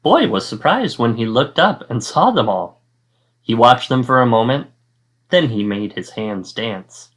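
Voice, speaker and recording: Slow, expressive male teacher reading a storybook. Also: fairly low pitch. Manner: expressive storytelling, acting out sound effects. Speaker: fourth-grade teacher. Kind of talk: reading a picture book aloud.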